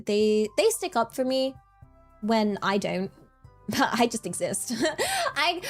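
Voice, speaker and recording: A woman streamer in casual chat, soft and rambling, self-deprecating and laughing often. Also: on the high side. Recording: faint music behind.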